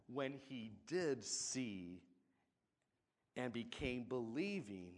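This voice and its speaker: A man's voice: mid-range voice, fairly bright tone. A man preaching a sermon, building to emphatic passages and having the congregation repeat scripture with him. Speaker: pastor.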